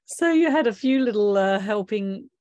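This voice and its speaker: A woman's voice: mid-range voice, expressive, normal speed, a little mellow, no room sound, highs cut off. A woman interviewing an old acquaintance, prompting him with shared memories and laughing lightly. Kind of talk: conversational interview.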